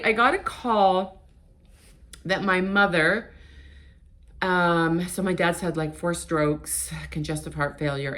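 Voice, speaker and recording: A woman's voice: deep voice, a bit bright. Candid, rambling woman in her fifties. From Portugal, raised in Canada. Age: 50s. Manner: candid, rambling, with frequent restarts and emotional swells. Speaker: YouTuber. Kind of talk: casual chat to camera.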